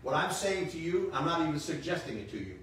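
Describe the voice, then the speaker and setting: With big pitch swings and a slightly high, somewhat bright voice, a pastor in his fifties preaches fast and emphatically. He repeats phrases and cracks jokes along the way. The recording comes from an echoey church sanctuary via a distant mic, with faint hiss.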